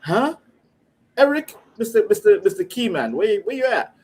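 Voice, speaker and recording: A man's voice: high-pitched, sing-song, normal speed, darkish tone, husky. A man on a casual podcast chat who keeps cutting in, firing off words in repeated bursts. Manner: talks over people, repeats words in bursts.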